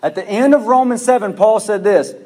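A man's voice: high-pitched, animated, a little fast, darkish tone. A man preaching a sermon as pastor, earnest and pleading, repeating his phrases for emphasis. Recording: long reverb of a hall.

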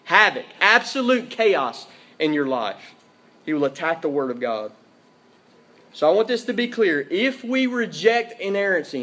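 A pastor with a high, fairly bright voice preaches to a church congregation during a service. He's emphatic, repeats key phrases, and keeps checking in with "Okay?"

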